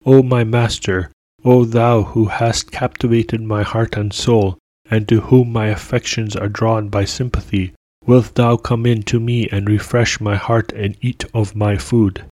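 A tender, pleading cook in a storybook reading, speaking in archaic courtly phrases, as a man reads him out. The voice sits a little low and is recorded dry and close. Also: level tone, a little slow, a little mellow, no echo. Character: tearful middle-aged male cook, adoring.

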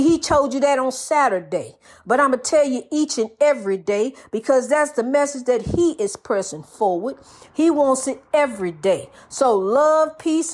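An older woman giving spiritual advice in a folksy, preachy monologue, repeating phrases and calling the listener honey. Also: high voice.

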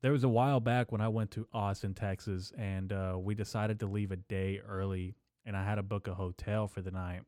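Brief: male podcast host, low register, dry mic, loose profane comic rambling. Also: fairly even intonation, brisk, few pauses, a little mellow, no room sound. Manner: profane, loose and jokey, lots of fillers.

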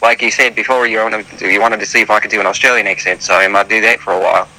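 A man's voice: lowish voice, steady tone, fast talker, pushed and bright, low-quality recording. A man joking around as a podcast guest in casual chat, profane and playful. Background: faint background music.

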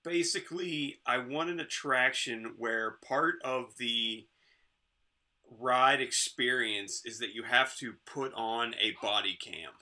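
A man with a mid-pitched, very bright and sharp-edged voice, chatting as a podcast guest. He tells stories in a laid-back, loose way. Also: slow. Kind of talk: casual chat.

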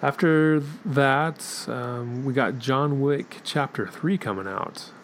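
A man's voice: mid-range voice, takes it slowly. Male co-host, easygoing, mid voice, light hiss behind. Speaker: podcast co-host. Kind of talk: casual chat.

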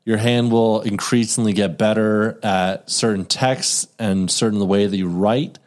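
A man's voice: lowish voice, fairly even intonation, measured pace, a little mellow. A man co-hosting a casual podcast chat, joking and laughing as he retells stories. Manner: laughs while retelling, jokey.

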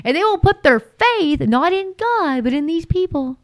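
A woman's voice: extremely high pitch, lively intonation, moderate pace, no room sound. A woman giving impassioned religious commentary, emphatic and repetitive, with frequent fillers. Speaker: Christian commentator.

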